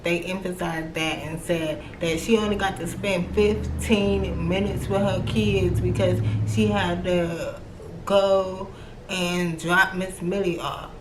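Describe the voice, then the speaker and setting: A young American woman whose accent mixes Atlanta, Virginia and New York, chatting casually and slangily in a book review vlog. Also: fairly low pitch. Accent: American, mix of Atlanta, Virginia and New York. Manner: chatty and slangy, voicing her own reactions. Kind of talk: casual chat. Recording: roomy echo with faint background noise.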